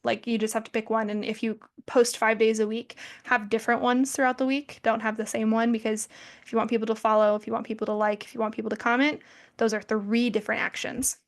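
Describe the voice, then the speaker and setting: A woman's voice: on the high side, flat delivery, quick pace. Friendly chatty young woman presenter. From American Midwest family. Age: 20s. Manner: chatty, friendly, peppered with fillers. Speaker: social media presenter. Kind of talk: casual presentation.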